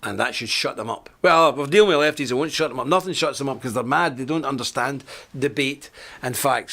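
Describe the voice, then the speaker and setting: A man's voice: mid-range voice, a little fast, sharp tone. An older Scottish man hosting a live online show, talking in a chatty, joking way and reading out viewer comments. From Scotland. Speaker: host of a live web show. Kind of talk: live-stream monologue.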